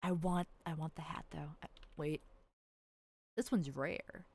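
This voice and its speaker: A woman's voice: low-pitched, steady tone, unhurried, darkish tone, husky. A woman livestreaming a video game, chatting casually to her viewers, rambling and giggling, and squealing over cute characters. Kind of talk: casual gameplay commentary to chat.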